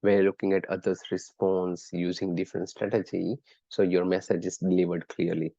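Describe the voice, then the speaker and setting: A man's voice: sits low, level tone, normal speed, vocal fry, mellow, no echo, dull audio. A man teaching a live online class, chatting with students and quizzing them by name in an encouraging way. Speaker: lecturer.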